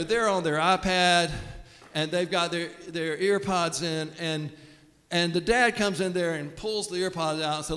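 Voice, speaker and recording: Pastor in a reverberant sanctuary. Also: male voice, high voice, a bit bright. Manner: casual and humorous, acts out quoted voices. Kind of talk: conversational sermon. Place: church sanctuary.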